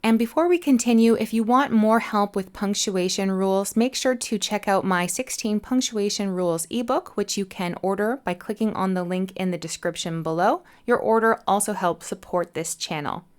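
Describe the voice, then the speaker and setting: This woman's voice is mid-range with a slightly dark tone as she leads an English punctuation lesson. Each answer gets a clear, patient explanation, and she spells letters out slowly.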